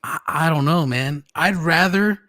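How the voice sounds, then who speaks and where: A man's voice: on the high side, a little slow, pushed and bright, dry recording, studio quality. A man talking as a guest on a podcast livestream, laid-back and jokey, swearing casually. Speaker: podcast guest, music producer.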